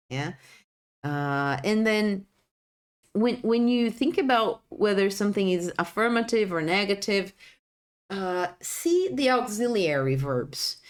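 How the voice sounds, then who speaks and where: A young adult woman teaches English on video, acting out example sentences with exaggerated rising intonation. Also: medium pitch. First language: Portuguese.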